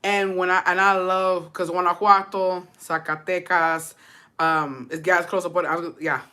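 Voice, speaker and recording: Chatty texas woman streaming, bright voice, swears a lot, flips between english and spanish. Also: lowish voice, little pitch movement, moderate pace. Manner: bilingual code-switching, profane, chatty. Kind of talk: casual chat.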